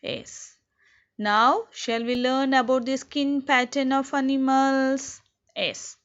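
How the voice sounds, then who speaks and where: Slow-speaking woman teacher, lo-fi sound. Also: high voice, fairly even intonation, a bit bright. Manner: slow, explains to children, asks questions and answers them. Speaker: schoolteacher. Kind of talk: recorded online class lesson. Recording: dull lo-fi recording.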